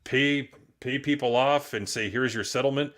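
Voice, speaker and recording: A man's voice: medium pitch, steady tone, moderate pace, fairly bright tone. A man hosting a loose, opinionated live-stream chat, swearing casually. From United States. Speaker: podcast host.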